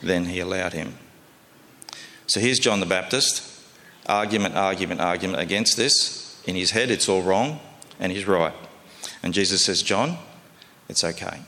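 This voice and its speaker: Deep-voiced man preaching. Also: normal speed, pushed and bright, in a large hall. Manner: conversational, folksy preaching with rhetorical questions. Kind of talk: sermon.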